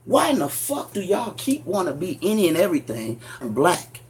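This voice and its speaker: A man giving a confrontational street lecture, forcefully grilling his listeners with profanity. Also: high-pitched, wildly swooping pitch, moderate pace, roomy sound, slight background noise. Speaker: street teacher debating a crowd.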